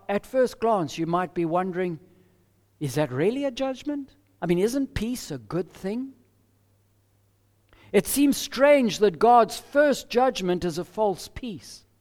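A man delivers a measured expository sermon, leaning on key words with deliberate pauses. His voice sits high and he takes his time. The sound rings with long reverb, as in a large sanctuary. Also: a little mellow. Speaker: pastor.

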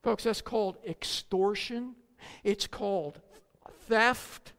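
Preacher going slow, big loud lines then quiet asides, sarcastic, long church reverb. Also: gravelly. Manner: emphatic, swings between loud declamation and low asides; sarcastic jabs and rhetorical questions. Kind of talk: sermon.

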